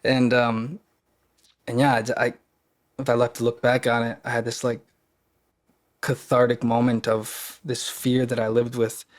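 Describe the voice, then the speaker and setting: Male podcast guest, mid-pitched, earnest and emotional as he tells his story. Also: level tone, unhurried, pauses often. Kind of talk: casual storytelling.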